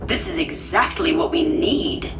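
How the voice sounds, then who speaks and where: A woman voicing a secretive female hacker in an audio drama, calm and intense, with a soft, hushed delivery. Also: sits high, a little slow, echoey room, over music. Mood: cold, intense. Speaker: anonymous leaker.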